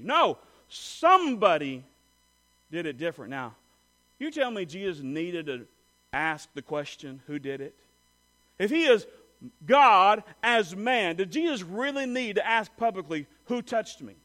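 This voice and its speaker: Male preacher, high-pitched, dynamic sermon delivery with big loud-to-hushed swings. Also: very animated, normal speed, low-quality recording. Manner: asks the listeners direct rhetorical questions.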